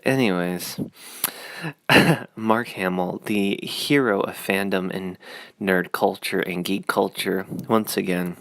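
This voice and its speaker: A man's voice: sits low, fairly even intonation, slow pace, gravelly, fairly bright tone, no room sound, clean studio sound. A man rambling through a casual opinion vlog, full of fillers and sarcastic asides. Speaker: YouTube commentator.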